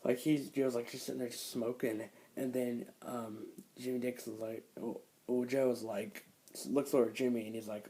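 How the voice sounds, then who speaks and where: Young male film reviewer, casual and meandering, warm mellow tone. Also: medium pitch, little pitch movement, moderate pace, few pauses, low-quality recording. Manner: rambling, filler-heavy retelling with frequent "like". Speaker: movie reviewer.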